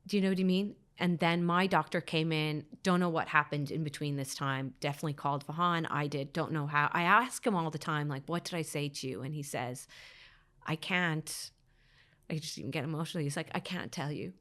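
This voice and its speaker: Woman, podcast guest, low voice, recounting a loss with hushed, whispery stretches. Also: brisk. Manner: drops to a hushed whisper at painful moments; acts out others' words in quotes. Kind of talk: emotional personal storytelling.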